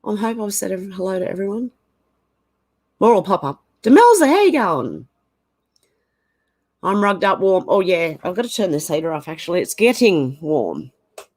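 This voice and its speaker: An Australian woman chats through a home livestream, greeting viewers one by one with a lilting "how you going". Her voice sits at an ordinary middle pitch, and her talk is loose and conversational, full of small asides. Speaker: livestream host. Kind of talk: casual chat reading out viewer comments. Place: home room, indoors.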